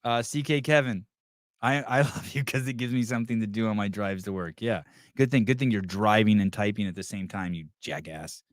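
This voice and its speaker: A man's voice: on the low side, fairly even intonation, fairly quick, no echo, clean studio sound. A man hosting a podcast, ranting crudely and mocking people in whiny voices. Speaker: podcast host. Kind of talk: crude comedic rant to live chat.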